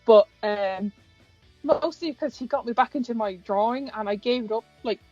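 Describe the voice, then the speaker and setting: A woman's voice: fairly high pitch, normal speed, a little mellow. A young Irish woman chatting casually and rambling, swearing now and then. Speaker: fan video maker. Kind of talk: casual chat. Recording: muffled lo-fi recording with music.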